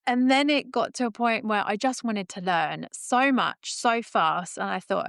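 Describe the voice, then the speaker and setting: A woman in her thirties, a roofer and business owner, chatting as a guest in a podcast interview and telling lively stories with frequent laughs. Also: mid-range voice, normal speed, smooth, no echo, studio quality. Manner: lively storyteller, laughs often. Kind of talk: casual interview chat. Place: podcast recording.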